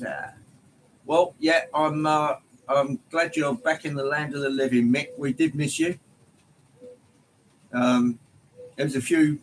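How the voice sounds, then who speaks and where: A man's voice: mid-range voice, steady tone, measured pace, long pauses, slight background noise, rough recording. Chatty man hosting a livestream. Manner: rambling and friendly, greeting viewers by name, many ums. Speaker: livestream host. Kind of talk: casual livestream chat. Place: home hobby room, indoors.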